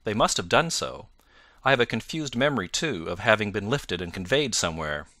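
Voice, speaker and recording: An agitated young engineer, voiced by a man in an audiobook, urgent and excitable, raised above the reader's plain tone. The voice stays bright and forceful, with a dry, close sound. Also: on the low side, brisk, no echo. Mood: earnest. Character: anxious young male engineer, injured and agitated.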